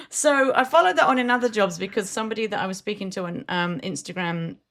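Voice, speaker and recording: Co-hosting a café podcast, this British woman chats casually, tells stories, and laughs frequently. Her mid-range voice moves at a quick pace with a fairly bright tone.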